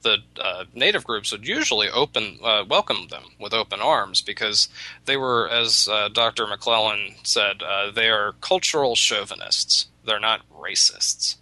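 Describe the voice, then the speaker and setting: Brief: a low, very bright male storyteller with a halting, rambling delivery, dry sound. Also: expressive, no echo, low-quality recording. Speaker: storyteller in a chat. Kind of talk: casual chat.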